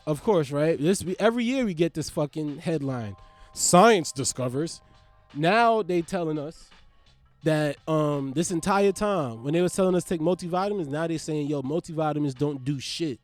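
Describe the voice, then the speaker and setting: A young man hosting a podcast rambles through a profane comedy monologue, riffing loosely as his pitch and volume swing sharply without warning.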